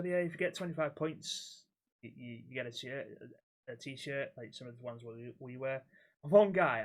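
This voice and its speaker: A young man chats on a podcast in a blunt, sweary storytelling way. His voice sits at an ordinary middle pitch, neither deep nor high. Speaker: podcast co-host and axe-throwing instructor. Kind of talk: casual chat.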